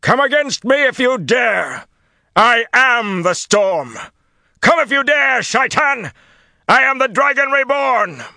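A young man gone wild with storm magic, hurling screamed challenges at his enemies in a voice pushed high and hard, as a male audiobook narrator acts him out. The shouting is forceful and strained, and it rings close and dry. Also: lively intonation, slow, gravelly, dry recording, heavily acted. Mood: furious defiance. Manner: screaming defiance.

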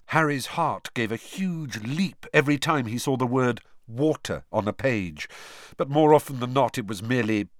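Man, audiobook narration, expressive, animated pitch, dry close sound. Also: normal speed, no room sound. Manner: expressive storytelling. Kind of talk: scripted narration.

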